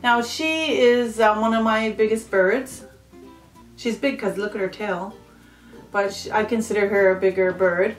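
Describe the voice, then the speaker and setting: A woman's voice: medium pitch, steady tone, unhurried, soft background music. Chatty woman in an echoey room. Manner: chatty, rambling, coos baby talk at her pets. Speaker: pet vlogger. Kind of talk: casual show-and-tell. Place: home with pets.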